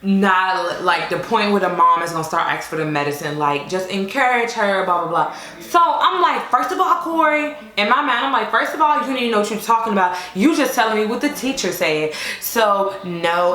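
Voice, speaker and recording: A young adult woman telling a casual storytime to her viewers, chatty and expressive with many fillers. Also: medium pitch, fairly quick. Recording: echoey room with faint music.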